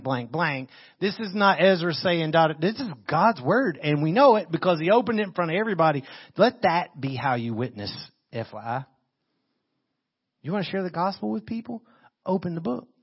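A pastor preaches in a relaxed, chatty way to his congregation. His fairly high voice rises and grows loud each time he reads scripture aloud. The recording from the church sounds dull and lo-fi. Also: slightly rough. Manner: lively, conversational preaching with sudden loud Bible readings. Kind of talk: sermon.

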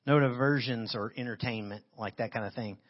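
A man preaching a sermon as pastor. He reads scripture and comments on it with animated emphasis into a handheld microphone. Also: medium pitch, a little fast, dull audio.

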